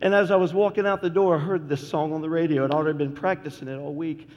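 A man preaching a sermon in a church, delivering it fervently and rising to shouts at the peaks. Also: on the high side, fairly even intonation, fast, lo-fi sound. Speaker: pastor. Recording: long church reverb with faint music.

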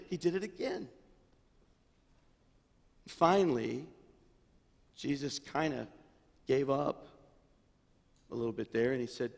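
A male pastor preaching a sermon, swinging between fervent, near-shouted passages and quiet, chatty storytelling. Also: medium pitch, animated, unhurried, gravelly, pauses often, in a large hall. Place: church sanctuary.

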